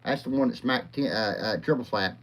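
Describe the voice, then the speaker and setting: A man's voice: medium pitch, a little fast, a bit bright, slight background noise. A man hosting a rambling, profane live chat, often laughing and calling out viewers by name. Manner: crude, profane, rowdy, laughs a lot. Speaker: livestream host.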